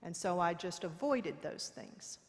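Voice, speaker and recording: A woman's voice: on the low side, lively intonation, a little slow, vocal fry. A woman preacher giving a sermon in a church, telling a candid personal story with playful self-mockery. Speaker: guest preacher. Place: church sanctuary. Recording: long reverb of a large hall.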